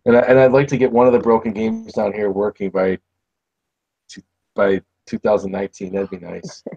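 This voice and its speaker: A man's voice: fairly low pitch, level tone, fairly quick, a little mellow, breathy edge, no echo, lo-fi sound. A man rambling casually about his plans in a group chat. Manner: rambling, thinking aloud.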